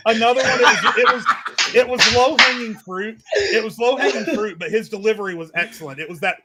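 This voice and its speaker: A man on a podcast in casual chat, telling a story with excitement. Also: sits high, brisk, background noise. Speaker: podcast co-host.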